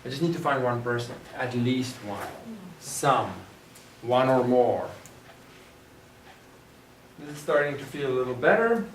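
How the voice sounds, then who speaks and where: Male teacher, slow and deliberate, quizzes the class; roomy far-off classroom recording. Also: medium pitch, lively intonation. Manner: thinks aloud, poses questions to the class. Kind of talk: classroom lecture. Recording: echoey room, distant mic, clear background noise.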